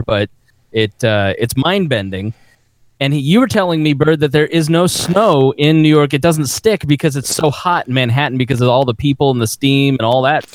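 A man's voice: medium pitch, dry recording. A man from Indianapolis, a guest podcast host, chatting in an easygoing, self-deprecating way. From Indianapolis, USA. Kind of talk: casual podcast chat.

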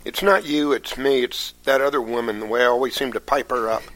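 Mid-pitched man firing off puns. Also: steady tone, brisk, fairly bright tone, low-quality recording. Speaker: podcast co-host. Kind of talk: casual pun-swapping chat.

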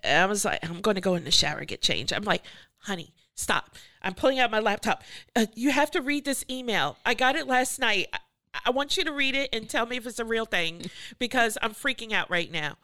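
Animated middle-aged woman storyteller, gravelly and bright, playing out every quote. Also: medium pitch. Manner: animated, acts out quoted voices, laughs often. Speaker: artist and art professor. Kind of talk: storytelling in a podcast conversation.

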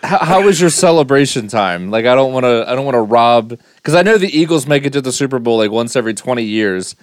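A man co-hosts a casual podcast with a wry, teasing manner. His middle-pitched voice rises and falls in a lively way. The sound is dry and close. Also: fast, no echo. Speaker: podcast co-host.

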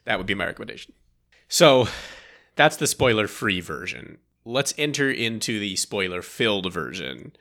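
Guy on a movie podcast, gravelly low voice, bright edge, rambly and laughing a lot. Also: normal speed. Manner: rambling, animated, laughs often. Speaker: podcast co-host. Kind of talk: casual movie review chat.

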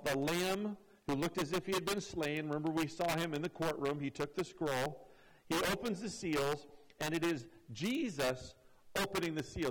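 A man's voice: on the high side, fairly bright tone, slight background noise, rough recording. A man preaching a teaching sermon, explaining verses step by step and often repeating words as he restarts a phrase. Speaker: pastor.

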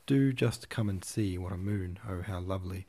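A man reading the lines of a dreamy, excitable young girl in a storybook, with rapt enthusiasm. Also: deep voice, normal speed. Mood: enraptured.

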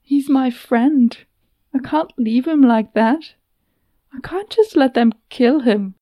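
A woman's voice: a little high, big pitch swings, moderate pace, creaky, warm tone, no room sound, full character voice. A woman voicing an anxious, stubborn young heroine who speaks urgently and snaps back, in a storybook reading. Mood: distressed. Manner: urgent, snapping.

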